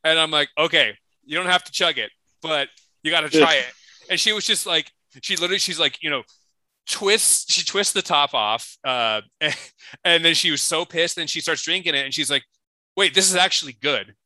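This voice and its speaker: A man with a very bright, forward voice and a slightly raised pitch tells rambling stories in a casual podcast chat. He restarts his sentences often and slips into animated voices when he quotes people. The sound is close and dry, with no room around it. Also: no echo, poor audio. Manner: rambling storyteller, restarts, quick animated quoting. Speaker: podcast co-host.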